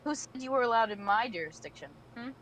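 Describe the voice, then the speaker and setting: A woman voicing a firm, caring young female vigilante in a live fan audio drama read, teasing at times and softly concerned. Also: a little high, expressive, fast talker, slight background noise, low-quality recording. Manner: teasing then soft and concerned.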